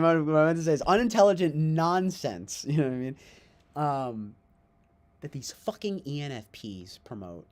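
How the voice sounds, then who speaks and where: A man's voice: mid-range voice, very animated, moderate pace. Young male streamer, tipsy late-night rambling, laughs a lot, voice swings up and down. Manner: joking, self-mocking, laughs often, sudden loud outbursts. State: intoxicated. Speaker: livestreamer. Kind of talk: rambling livestream chat to viewers.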